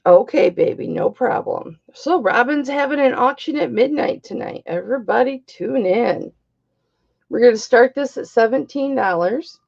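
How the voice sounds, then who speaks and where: A woman's voice: fairly high pitch, lively intonation, moderate pace, gravelly, a little mellow, dull audio. A middle-aged woman hosting a live-stream jewelry auction, chatty and bawdy, greeting viewers by name.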